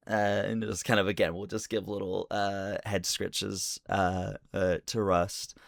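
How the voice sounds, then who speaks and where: A man's voice: deep voice, little pitch movement, a little slow, gravelly, few pauses, dry recording, studio quality. A man narrating as game master of a tabletop game, loose and full of fillers.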